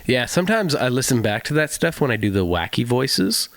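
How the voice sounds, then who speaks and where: A man's voice: medium pitch, big pitch swings, a little fast, fairly bright tone. A male musician in casual podcast chat, talking animatedly, laughing often and swearing freely.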